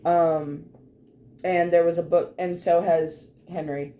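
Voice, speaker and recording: Laughing, mellow-voiced woman telling a story. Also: lowish voice, takes it slowly. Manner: animated storyteller, laughs often, swears casually. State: hoarse from laughing. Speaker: podcast co-host recapping a game. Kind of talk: casual recap chat.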